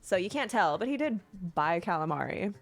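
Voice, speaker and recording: A woman's voice: on the low side, big pitch swings, a little fast. A woman running a tabletop game as game master, narrating in a chatty, filler-heavy way.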